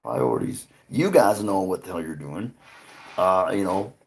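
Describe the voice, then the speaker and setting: A man's voice: low voice, expressive, unhurried, a little hiss or hum. A man hosting a casual livestream, chatting loosely with viewers, swearing freely and laughing often. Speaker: livestream host. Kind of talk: casual live-stream chat with viewers.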